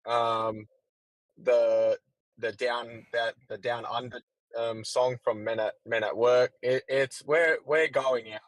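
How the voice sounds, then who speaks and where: A man's voice: medium pitch, no room sound, rough recording. A man co-hosting a live stream, bantering and cutting in with teasing remarks. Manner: brash, teasing interrupter. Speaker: stream co-host.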